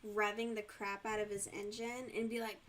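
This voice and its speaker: A woman's voice: medium pitch, little pitch movement, normal speed, a bit bright. A woman hosting a livestream and chatting casually while she crochets, laughing often and swearing freely. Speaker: livestream host.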